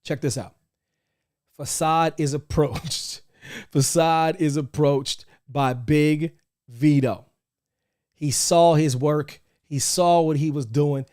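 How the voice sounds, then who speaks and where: A man hosting a live wrestling reaction stream, hyped and repetitive, breaking into shouts and chants. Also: on the high side, slow. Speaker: host of a wrestling reaction show.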